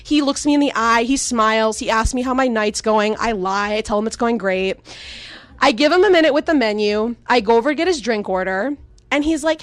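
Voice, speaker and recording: A woman's voice: a little high, lively intonation, brisk, no room sound. A young woman performing a stand-up comedy set, telling exasperated, sarcastic stories with plenty of swearing.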